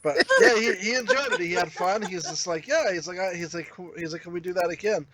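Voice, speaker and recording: Man, casual podcast chat, animated and high-pitched, rambling, laughing. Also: a little fast, over a noisy crowd. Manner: rambling storyteller, laughs often. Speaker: podcast co-host.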